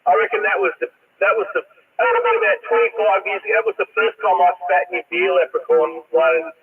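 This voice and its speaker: A man with a high, wildly swooping voice trades crude, teasing jabs. He sounds far from the mic, squeezed through a thin radio channel. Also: huge pitch swings, fast. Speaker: CB radio operator. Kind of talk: crude banter over radio. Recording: distant tinny radio transmission.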